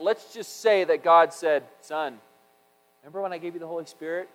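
A middle-aged male preacher with a voice pitched a little above the usual. He talks in an easy, conversational sermon style, moving between scripture and a lively personal story and stopping now and then to correct himself. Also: poor audio.

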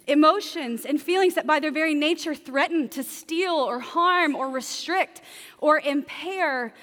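A woman's voice: high-pitched, fairly bright tone. A young adult woman preaching a sermon in a conversational, humorous way, acting out everyday scenarios. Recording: long hall reverb.

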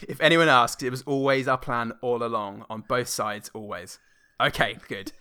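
A man's voice: mid-range voice, fairly even intonation, normal speed, bright, forceful tone, clean tone. A man, chatting casually and joking as he recaps a film, often acting out scenes in silly voices.

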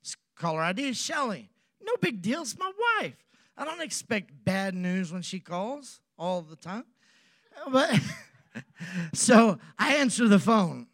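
A man's voice: high voice, slow, dry recording, studio quality. A man, a pastor telling a humorous personal story in a sermon and acting out both sides of a phone call. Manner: animated, acts out both sides of a dialogue.

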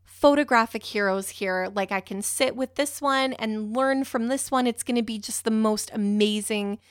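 A woman's voice: a little high, moderate pace, dry recording, clean studio sound. A young woman telling a personal story in a rambling, emotional way, with a few swear words.

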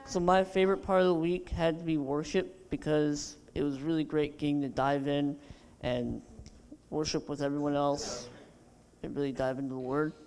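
A man's voice: on the high side, level tone, moderate pace, darkish tone. A young man earnestly sharing what he took away from camp. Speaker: camp attendee giving a testimony. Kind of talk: casual testimony.

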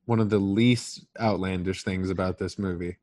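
A man's voice: deep voice, steady tone, moderate pace, a little mellow, no room sound, studio quality. A man co-hosting a podcast, mocking a movie in incredulous, sarcastic casual chat, often acting out the characters' lines. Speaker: podcast co-host.

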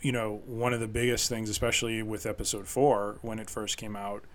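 A man's voice: on the low side, level tone, brisk. Earnest man with sarcastic asides. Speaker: podcast co-host. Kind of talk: casual chat.

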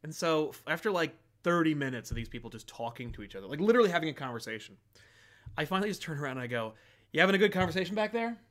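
A man's voice: a little high, very fast. Laid-back guy cohosting a chat show, lots of ums and likes. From New Jersey. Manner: relaxed, chatty, lots of fillers. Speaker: co-host. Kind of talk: casual chat.

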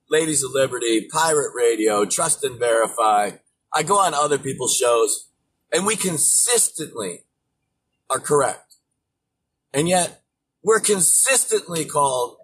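A man's voice: a little high, a bit bright, recorded from a distance, a little hiss or hum. A man hosting his own daily podcast, chatting casually and ranting with plenty of swearing. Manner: profane, rambling rant. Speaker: podcast host. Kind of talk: casual solo podcast talk.

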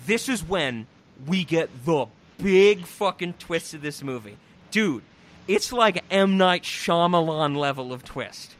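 A young man on a podcast, recapping a movie in casual comedic chat, swearing, laughing and acting out the characters. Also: a little high. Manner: animated, profane, laughing, acts out characters in quick voices. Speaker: podcast host reviewing a movie.

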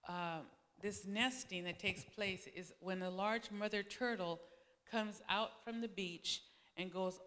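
A woman's voice: medium pitch, a bit bright, big-room sound. A woman pastor giving a sermon, telling stories in a loose conversational way with frequent restarts. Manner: conversational storytelling, many restarts.

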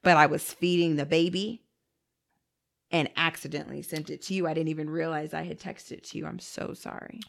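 A woman in playful banter with her husband, indignant and quick to argue back. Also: sits low, steady tone, creaky. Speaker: wife in a couple game.

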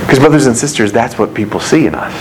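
A pastor preaching a sermon in an animated, conversational way, mixing scripture reading with casual asides. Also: male voice, medium pitch, fast, background noise.

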